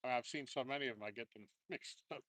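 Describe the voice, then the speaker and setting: A man co-hosting a casual live stream from a lake dock, giving short relaxed replies and chiming in. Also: medium pitch, brisk, no echo. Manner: laid-back, short replies and easy laughs. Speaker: co-host.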